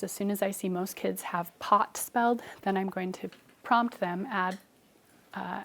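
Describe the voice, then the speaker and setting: A young woman teacher with a gravelly, medium-pitched voice coaches children through phonics in class, occasionally turning to remark to fellow teachers. The kids can be heard around her, along with slight background noise.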